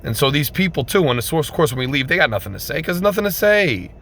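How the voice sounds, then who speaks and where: A man giving an emphatic, repetitive postgame rant as a fan vlogger, swinging between loud outbursts and subdued sadness. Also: on the high side, very animated, fast talker, a little hiss or hum.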